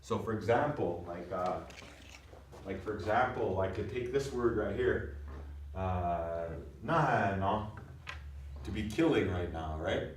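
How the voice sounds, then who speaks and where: A man's voice: lowish voice, a little slow, slight background noise. A man teaching a language class, explaining words step by step and checking that his students follow. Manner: explanatory, repeats checks like "you know what I mean?". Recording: echoey classroom from far off.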